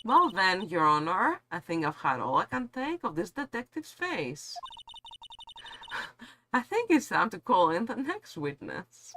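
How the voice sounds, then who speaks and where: A woman's voice: medium pitch, big pitch swings, unhurried, sharp tone, a little hiss or hum. A woman voicing a haughty young female prosecutor in a game, scornful and superior.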